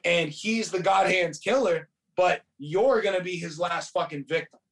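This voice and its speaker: Here a man runs through a movie's plot in casual chat, cursing, wandering off track, and quoting characters as he goes. His high voice is a bit bright and moves at a moderate pace. He sounds distant from the microphone.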